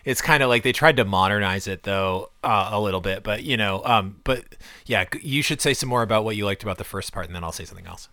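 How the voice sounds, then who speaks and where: A man's voice: fairly low pitch, quick pace, bright, forceful tone, no room sound, studio quality. A man co-hosting a casual chat about comics, rambling with lots of fillers and restarts. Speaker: podcast co-host.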